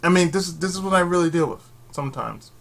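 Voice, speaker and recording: A man ranting in a casual vlog from his bedroom, rambling and sarcastic, who keeps slipping into mocking high voices and laughing. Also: expressive, fast, creaky. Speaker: YouTube channel host. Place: his own bedroom setup.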